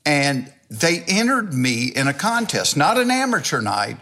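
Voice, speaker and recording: A man's voice: fairly high pitch, measured pace. An older man with a Southern US accent, telling folksy, self-mocking stories as a comedian guest in an interview. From Georgia, US. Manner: folksy, animated anecdotes with self-mocking humor. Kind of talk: storytelling interview chat.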